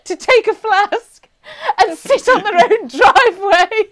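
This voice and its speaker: A woman co-hosting a casual chat, telling a story with animated asides and frequent laughter. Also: extremely high pitch, slow.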